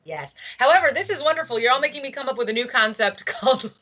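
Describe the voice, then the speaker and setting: A woman's voice: high-pitched, animated, fast, sharp tone. A woman from New York, a guest comedian on a podcast, chatting casually and riffing on jokes with frequent laughter.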